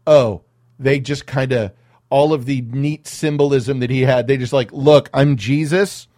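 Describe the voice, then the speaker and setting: Swearing, animated podcast co-host man. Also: medium pitch, normal speed, dry recording, studio quality. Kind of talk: casual movie chat.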